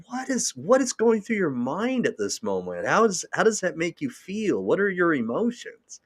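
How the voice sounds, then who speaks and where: A man's voice: high voice, sing-song, normal speed, slightly rough. A male host interviewing a guest, attentive and encouraging, with many short affirmations. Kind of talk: conversational interview.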